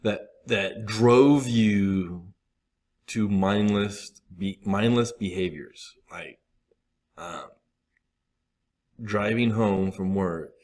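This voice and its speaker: Man, 30s, low-pitched, rambling candid recovery talk with acted-out asides. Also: darkish tone. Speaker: recovery group speaker.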